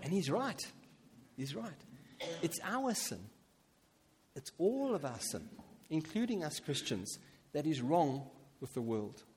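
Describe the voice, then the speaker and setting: A man preaching a sermon, animated and emphatic, with quiet asides between his peaks. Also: on the high side, slow pace, pauses often, breathy edge. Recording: long hall reverb.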